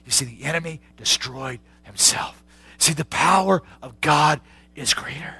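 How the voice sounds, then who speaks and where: Male pastor, sermon, husky voice, bright tone, loud to hushed. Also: fairly high pitch, a little slow, no room sound. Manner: dramatic, swings from loud to hushed; direct questions to listeners.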